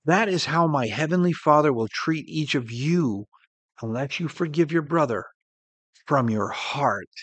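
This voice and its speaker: A man delivers an earnest sermon in a voice pitched a little high. He swells up on key points and drops to a soft hush, and the sound is close and dry with no room behind it. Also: animated, unhurried, dry recording. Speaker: preacher.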